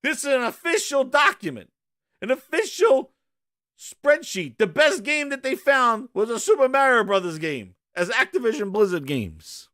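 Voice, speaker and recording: A man's voice: very high-pitched, big pitch swings, normal speed, pushed and bright, dry recording, clean studio sound. A man hosting a gaming show, ranting with sarcasm and exasperation in casual commentary.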